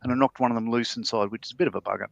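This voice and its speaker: A man chatting about his model build, rambling and self-deprecating, full of ums and restarts. His voice sits mid-pitched and comes through a dull, lo-fi video call line, close and dry. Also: very fast, creaky, no echo. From Australia. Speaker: panelist. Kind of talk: casual chat while building a model.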